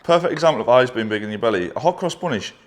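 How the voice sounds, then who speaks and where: A man's voice: mid-range voice, expressive, rapid-fire. A man, a brand co-founder, chatting casually and rambling, with plenty of swearing. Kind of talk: casual chat.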